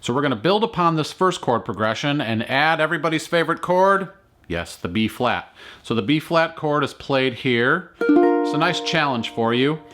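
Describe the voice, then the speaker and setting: A man teaching a ukulele lesson, calmly counting beats and naming strums in a play-along tutorial. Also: a little high, moderate pace. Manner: calm, counting beats aloud. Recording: loud ukulele music underneath.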